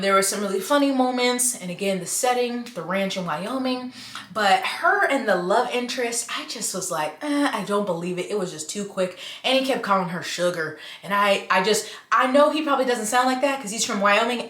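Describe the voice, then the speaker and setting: In a room at home, a woman reviews books while chatting casually to camera. Her voice is a little high with a sharp tone and a roomy sound. She's frank and prone to exaggerated reactions.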